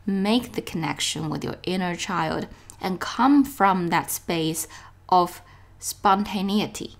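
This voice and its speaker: A woman whose first language is Chinese, reading a guided self-help exercise aloud in a slow, gentle way that turns playful. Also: lowish voice, lively intonation, gravelly. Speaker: self-help course host.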